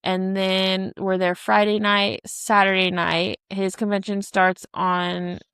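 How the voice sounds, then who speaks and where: A woman's voice: mid-range voice, flat delivery, slow pace, a bit bright, clear, resonant tone, dry recording, clean studio sound. A woman in her thirties co-hosting a podcast, telling a long story in casual chat, rambling with lots of "like" and restarts. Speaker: podcast co-host.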